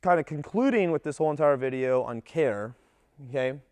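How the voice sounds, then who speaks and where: A man coaching gymnastics coaches in a casual talk, lively and acting out what his athletes say. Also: a little high, fairly quick, no room sound. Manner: animated, acts out athletes' voices in quotes.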